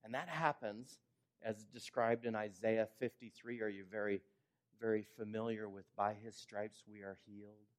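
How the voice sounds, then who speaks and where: A pastor preaching a sermon. He talks to the congregation conversationally, asks them questions, and moves between emphatic lines and quiet, low endings.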